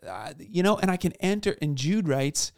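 A man in his thirties co-hosting a casual faith podcast, talking earnestly and searchingly with halting restarts. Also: sits high, darkish tone, clear, resonant tone, dry recording, studio quality. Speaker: podcast co-host.

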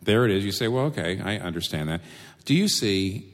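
A man's voice: deep voice, animated, fairly quick, in a large hall. A male preacher giving a sermon, asking rhetorical questions and repeating phrases for emphasis.

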